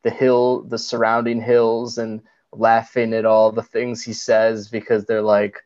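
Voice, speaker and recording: A man's voice: fairly low pitch, monotone, unhurried, darkish tone. Rambling young man on a dull, lo-fi podcast line. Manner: rambling recap, many "like"s. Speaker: podcast co-host. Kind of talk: casual film chat.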